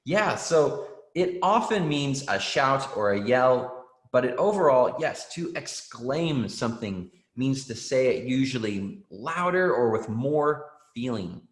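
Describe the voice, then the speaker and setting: A man's voice: medium pitch, expressive, slow. Man teaching a kids' class, roomy. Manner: encouraging, reads out student answers, frequent ums. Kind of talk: online writing class for kids. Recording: roomy echo.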